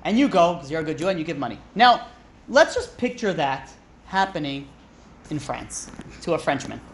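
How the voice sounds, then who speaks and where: A man's voice: fairly high pitch, very animated, normal speed. A man, a rabbi, teaching an informal class in a chatty, joking way, often asking "right?" and "you know".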